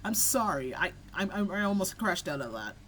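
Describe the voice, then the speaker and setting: A young American woman co-hosts a let's play, bantering casually over a video game while laughing a lot and swearing freely. Her medium-pitched, fairly bright voice swings widely in pitch at normal speed, with a little hiss or hum in the recording.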